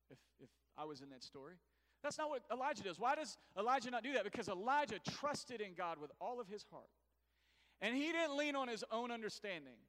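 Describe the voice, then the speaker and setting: A middle-aged pastor preaches with lively energy, drawing the congregation into call-and-response. His voice sits high for a man, and it rings out with the long reverb of a church hall. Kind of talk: sermon. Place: church sanctuary.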